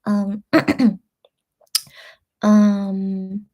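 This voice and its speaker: A woman's voice: medium pitch, little pitch movement, mellow. Young woman on a late night fan stream, reads chat out and answers, lots of ums and restarts, soothing. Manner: halting, many restarts and fillers, comforting tone; reads out viewer comments and answers them. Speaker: livestream host reading fan chat. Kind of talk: casual livestream chat.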